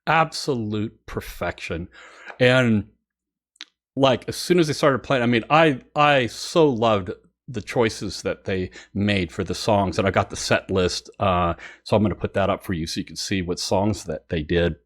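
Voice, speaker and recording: A man who hosts a music channel, telling a story casually and excitedly, with many fillers and frequent laughter. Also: fairly low pitch, a little slow.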